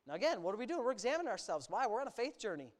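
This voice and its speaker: A preacher delivers a sermon with a very lively, swooping pitch that rises and falls all the time. The delivery is emphatic and animated, drawing out key words and slipping in sarcastic asides. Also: rapid-fire.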